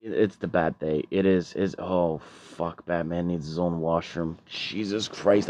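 A man's voice: low-pitched, steady tone, unhurried, hardly any pauses, darkish tone. A man doing a stand-up comedy set, rambling and profane with stammering repeats.

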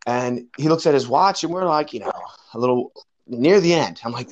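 A man's voice: medium pitch, normal speed. A man, a personal trainer, telling a long story in casual chat and acting out the voices of the people in it.

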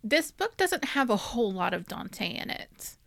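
A woman's voice: on the high side, sing-song, measured pace, gravelly, a bit bright, dry recording, studio quality. A woman co-hosting a podcast, talking through a novel in a reflective, earnest way. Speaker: podcast co-host. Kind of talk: casual book discussion.

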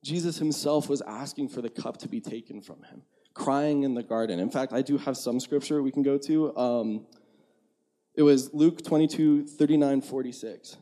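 A man's voice: medium pitch, normal speed, dark tone. A young man giving a sermon in a conversational, candid way, acting out his own inner dialogue. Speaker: preacher.

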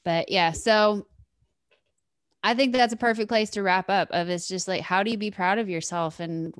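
A woman's voice: mid-range voice, moderate pace, clean tone, no room sound. Woman podcast host, upbeat and encouraging, dry close sound. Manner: encouraging, laughs easily. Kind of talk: casual chat, motivational wrap-up.

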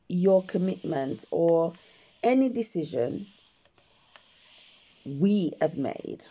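A woman hosting her own podcast, talking slowly and gently with pauses, her voice croaky from just waking up, recorded on her phone in a quiet house. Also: medium pitch, dull audio, a little hiss or hum. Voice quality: croaky morning voice. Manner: slow, gentle, with frequent pauses. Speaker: podcast host. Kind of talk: slow reflective podcast monologue.

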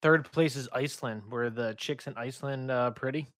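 A man's voice: mid-range voice, normal speed, fairly bright tone, dry recording, clean studio sound. A man in a casual podcast chat who teases and cracks jokes. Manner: teasing, jokey.

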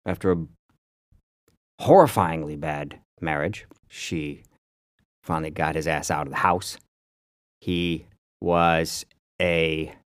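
A very low-pitched man in his fifties tells stories in a loose, rambling way, full of "uh"s and restarts. He co-hosts a casual chat podcast. His voice is close and dry, with no room sound. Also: clear, resonant tone, no echo. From upstate New York. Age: 50s. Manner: chatty, rambling storyteller with frequent fillers. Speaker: podcast co-host.

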